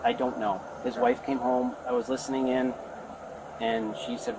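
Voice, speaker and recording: Here the neighbor's medium-pitched voice moves little in pitch and keeps a normal speed. He is young, giving officers a meandering statement outdoors and imitating what others said, captured on noisy body camera audio.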